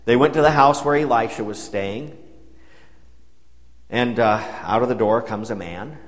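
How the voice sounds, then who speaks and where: A man's voice: mid-range voice, unhurried. A man preaching a sermon, retelling a Bible story in a conversational way and paraphrasing the dialogue. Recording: long hall reverb.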